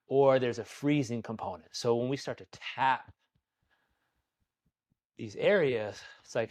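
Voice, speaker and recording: A man teaching qigong in a conversation, calm and soothing, who often checks in with "right?". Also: medium pitch, normal speed. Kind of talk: guided practice in conversation.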